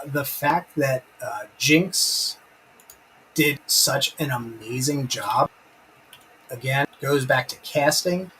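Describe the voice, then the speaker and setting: A man's voice: mid-range voice, bright, forceful tone, a little hiss or hum, poor audio. A man hosting a casual live stream, enthusiastic and rambling, breaking off to read out chat comments. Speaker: live-stream host reviewing a TV episode.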